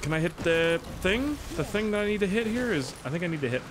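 A man giving excitable, swearing let's-play commentary as a gaming YouTuber. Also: sits high, fast, crowd noise. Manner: excitable, swears a lot, laughs at own jokes.

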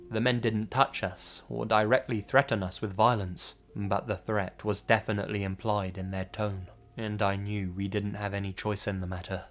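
Low-voiced man narrating a horror story. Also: fairly even intonation. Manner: subdued, measured storytelling. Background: faint music.

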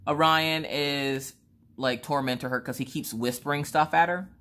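A woman, chatting casually while she crafts and telling rambling, animated stories about her family. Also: low-pitched, moderate pace. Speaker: crafting vlogger.

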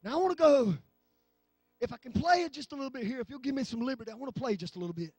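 A man preaching a fervent sermon in church, swinging from low talk to shouting. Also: expressive, racing, slightly rough, no echo. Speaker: pastor. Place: church sanctuary.

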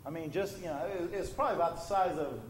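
A man's voice: a little high, fast talker, a little hiss or hum. A man preaching a sermon in a church, telling a story and building to impassioned emphasis. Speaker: pastor. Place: church sanctuary. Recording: echoey church room.

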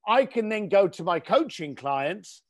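Slightly slow and very animated, his high voice carries the stories of a middle-aged entrepreneur and author from East London. He's a guest in a casual interview, speaking bluntly and emphatically.

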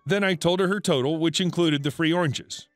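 A man with a high voice reads out a written story in an even, steady narration. The sound is dry and close, with no room around it. Faint music runs underneath. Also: fairly quick, no echo. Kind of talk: scripted narration.

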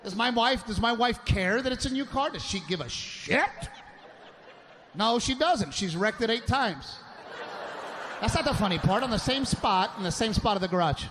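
High-voiced man ranting stand-up. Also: expressive, normal speed. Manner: loud, exasperated ranting with shouted bursts. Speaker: stand-up comedian. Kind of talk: live stand-up comedy. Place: stage at a live show. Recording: live show with loud background noise.

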